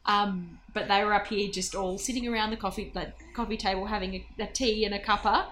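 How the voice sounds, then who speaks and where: A woman's voice: mid-range voice, a little fast, slight background noise. Woman telling a chatty story. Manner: chatty, animated storytelling with laughs. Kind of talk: casual birth story.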